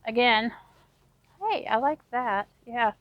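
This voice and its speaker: A woman's voice: on the high side, expressive, slow pace, dry recording, muffled recording. A woman vlogging from her backyard homestead in a chatty, self-deprecating way, recorded outdoors on a windy day. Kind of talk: casual behind-the-scenes vlog.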